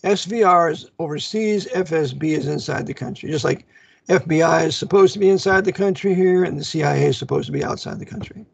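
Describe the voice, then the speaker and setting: A guest in a casual chat cuts in emphatically with corrections and asides. His voice is high and gravelly with a husky edge. The audio sounds dry and muffled. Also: very animated, brisk, no echo. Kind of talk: casual conversation.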